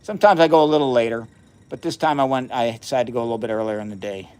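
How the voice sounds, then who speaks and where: A man's voice: mid-range voice, rapid-fire, darkish tone, clean tone. A man in his fifties hosting a live science stream from his basement, chatting in an upbeat, folksy way and greeting viewers by name. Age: 50s. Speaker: science livestream host. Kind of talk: casual live-stream chat. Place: home basement.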